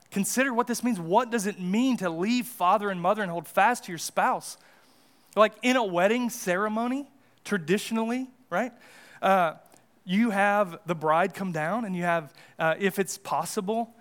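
A man's voice: high voice, fairly bright tone. A young American man preaching a sermon as pastor, casual and conversational with fillers and restarts. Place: church sanctuary.

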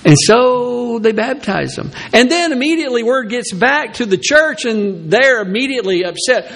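A man's voice: normal speed, few pauses. A man preaching a sermon as pastor, who acts out voices of the people in his story. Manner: animated preaching, acts out Peter's reluctant excuses in a high voice.

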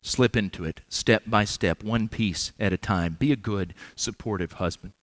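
A man preaching an earnest, measured sermon in church, with touches of gentle humor. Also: lowish voice, no echo.

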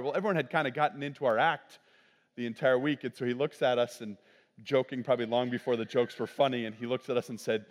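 A man's voice: mid-range voice, steady tone, quick pace. Middle-aged man preaching a story. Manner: conversational, frequent "right?" asides. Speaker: pastor. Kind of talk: sermon with personal story.

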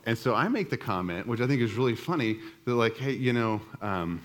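A man's voice: medium pitch, animated, brisk. A middle-aged man giving a conversational church teaching, telling a self-deprecating personal story with many restarts.

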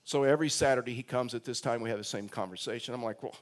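A man's voice: mid-range voice, quick pace, few pauses. A man preaching in an easy, conversational way. He often repeats words and restarts phrases, then lifts his voice to stress a point. His voice sits in a middle register. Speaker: pastor. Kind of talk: sermon with personal story.

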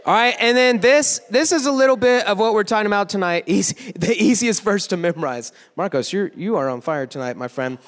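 A young man giving a joking youth sermon, teasing the crowd with quick asides in a large worship hall. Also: high-pitched, expressive. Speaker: youth pastor. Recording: echoey hall.

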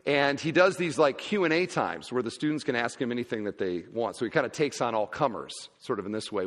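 Emphatic male pastor in echoey hall. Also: fairly high pitch. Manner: emphatic, swinging from loud to quiet. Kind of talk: sermon.

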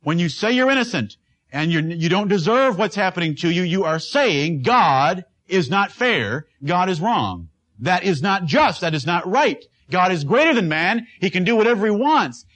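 A man with a high voice preaches a sermon. He delivers it emphatically, hammering home a repeated line. He also asks his listeners direct questions. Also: very animated, moderate pace, fairly bright tone. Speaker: pastor.

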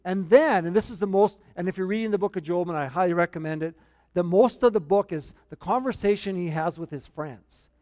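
A man's voice: high-pitched, fairly quick, a little mellow. A man preaching a sermon as pastor, earnest and repeating key points for emphasis. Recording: long hall reverb.

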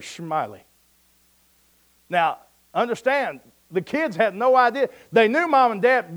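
A man preaching a sermon, telling a story in a folksy, conversational way and dropping to a soft hush at the moving points. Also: sits high.

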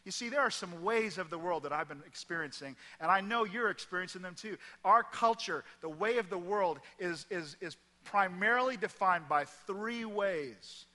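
High, bright-voiced preacher in a reverberant hall. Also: male voice, normal speed, few pauses. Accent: American Midwest. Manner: emphatic, repetitive preaching with sudden drops to near-whisper. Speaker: pastor. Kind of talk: sermon. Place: large church hall.

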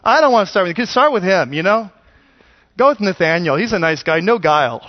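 A man's voice: high-pitched, animated, fairly quick, no echo, long reverb tail. A man voicing a nervous male disciple who awkwardly pleads to be skipped, on a dull lo-fi sermon recording.

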